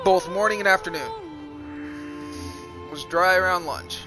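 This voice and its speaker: A man telling a story on a live stream, swearing often in a loose, animated way. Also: sits high, normal speed, long pauses. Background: music.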